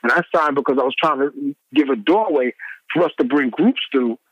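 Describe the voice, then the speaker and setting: A middle-aged man, a former radio DJ, telling animated stories in an interview and acting out the people he quotes. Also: brisk, dry recording, lo-fi sound. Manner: acts out quoted people with big pitch swings.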